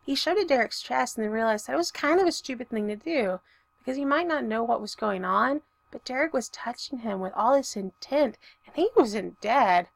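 A woman reading a story aloud in a steady, even storytelling voice. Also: a little high, moderate pace, gravelly, no echo. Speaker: narrator. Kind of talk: audiobook fiction reading.

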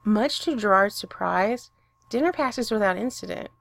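A woman narrating a romantic story aloud, expressive and unhurried. Her voice is full of deep vocal fry, with a mid-range pitch. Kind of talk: reading fan fiction aloud.

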